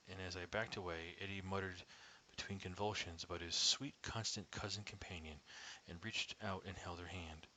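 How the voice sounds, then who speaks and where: Brief: man, low voice, measured first-person storytelling, slips into hushed whispers, faint hiss. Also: rough recording. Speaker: storyteller reading his own story.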